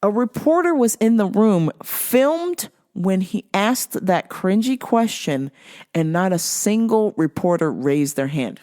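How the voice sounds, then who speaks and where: Brief: woman host, mid pitch, venting about fights and flaky friends, loose and profane. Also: slow. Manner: animated, exasperated, swears freely. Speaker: show host. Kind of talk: casual ranting commentary.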